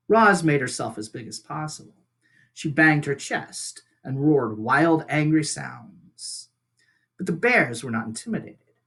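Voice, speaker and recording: Guy reading a kids book out loud, bright voice, kinda high. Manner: expressive storytelling. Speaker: reader. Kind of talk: children's book read-aloud.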